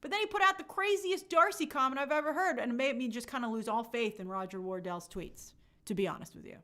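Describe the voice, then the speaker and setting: A young woman hosting a casual live stream, reading viewer comments aloud and chatting in an animated way with many fillers. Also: on the high side, fast talker. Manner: chatty, animated, lots of fillers and quoted asides.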